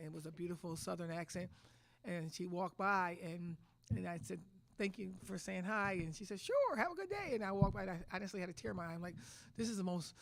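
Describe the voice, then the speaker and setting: A middle-aged woman head coach answering press conference questions with emphatic, restarting speech. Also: fairly low pitch. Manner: emotional, repetitive restarts, emphatic.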